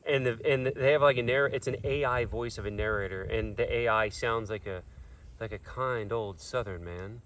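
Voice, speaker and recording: A man's voice: medium pitch, normal speed, fairly bright tone, distant mic. A man hosting a casual chat, ranting in exasperation about gullible people. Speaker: host.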